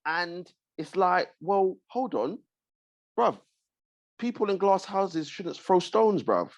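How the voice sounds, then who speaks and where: A man's voice: high voice, sing-song, slow, no echo, dull audio. A man, co-hosting a casual podcast chat, driving his points home by repeating them. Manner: emphatic, repeats points, says bruv. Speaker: podcast co-host.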